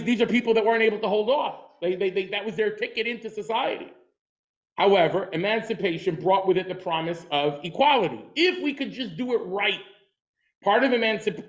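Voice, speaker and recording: A man's voice: high-pitched, poor audio. A man lecturing a class on history, telling stories and jokes along the way and often restarting his sentences. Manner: storytelling with jokes and acted quotes; repeats and restarts words. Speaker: teacher.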